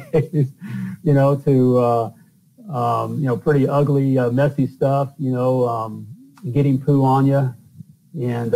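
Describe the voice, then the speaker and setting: A man's voice: mid-range voice, vocal fry, warm tone, slight background noise, poor audio. A middle-aged man from the northern US, a plumber and podcast host, telling stories in a loose, rambling way with lots of fillers. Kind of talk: casual storytelling interview.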